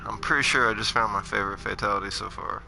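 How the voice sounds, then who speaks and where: A man's voice: fairly low pitch, fast talker, gravelly, noisy background. A man giving casual, rambling commentary while playing a game, joking about himself as he goes. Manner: joking, rambling, self-deprecating. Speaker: gaming livestreamer. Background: game music.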